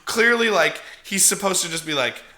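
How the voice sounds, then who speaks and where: A man recapping a horror movie on a podcast, in a casual, animated, profane way, laughing often. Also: sits high, normal speed, echoey room. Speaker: podcast co-host.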